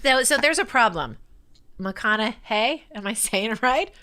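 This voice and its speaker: This is a woman co-hosting a podcast, with a bright, forward tone. Her pitch leaps around as she teases the others in relaxed chat. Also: a little fast. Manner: playful, teasing. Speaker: podcast co-host. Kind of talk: casual chat.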